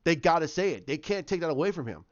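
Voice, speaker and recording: A man reviewing a TV episode in a casual vlog, excitable and ranting, repeating himself as he makes his points. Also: fairly high pitch, quick pace. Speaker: TV show reviewer. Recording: dull lo-fi sound.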